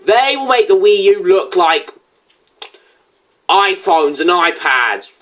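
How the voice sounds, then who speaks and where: A woman giving casual commentary over a reaction video, blunt and sarcastic, quick to correct others. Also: fairly low pitch, big pitch swings, fairly bright tone.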